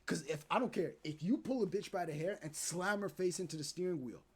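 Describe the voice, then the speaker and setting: A young man streaming, ranting to his chat in animated, profane commentary and acting out the people he talks about. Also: sits high, fairly quick, husky. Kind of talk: casual commentary to live chat.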